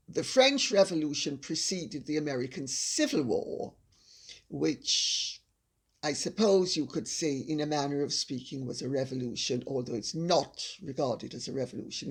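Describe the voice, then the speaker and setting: An older woman with a Jamaican accent, answering viewer questions in a measured, assured casual chat. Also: low voice, slightly rough.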